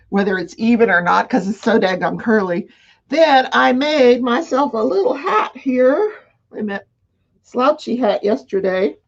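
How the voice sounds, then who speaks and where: A woman hosts a casual live crafting show, chatty and excitable as she greets her viewers one by one. Her voice sits a little high. The stream audio is dull and lo-fi. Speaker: host of a morning crafting show.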